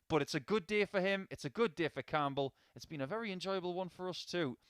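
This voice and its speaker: A man's voice: on the high side, a bit bright, no echo. A man giving live darts commentary in a chatty, upbeat way with small personal asides.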